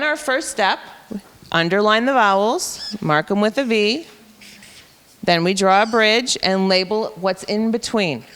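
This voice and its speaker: A woman's voice: medium pitch, fairly bright tone, in a large hall. A woman teacher patiently explaining reading rules to educators, step by step.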